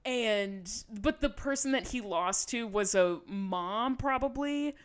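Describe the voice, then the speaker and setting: A woman, co-hosting a podcast, telling a story in casual chat, animated and laughing, swearing freely. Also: fairly high pitch, takes it slowly, clean tone. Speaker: podcast co-host.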